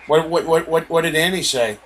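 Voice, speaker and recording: A man in casual chat, talking in a relaxed, hesitant way with lots of fillers. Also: a little high, a little fast, low-quality recording.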